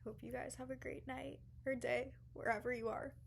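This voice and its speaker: A young woman vlogger casually telling a dramatic personal story, animated, swearing now and then and dropping into sudden whispers. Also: a little high, normal speed, vocal fry, a little hiss or hum.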